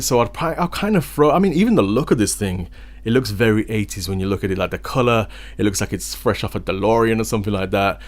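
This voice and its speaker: Chatty man, low dry voice. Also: no echo. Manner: enthusiastic, chatty, rambling with restarts. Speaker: microphone reviewer. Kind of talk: casual gear review talk. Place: home recording setup. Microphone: large condenser studio mic, close.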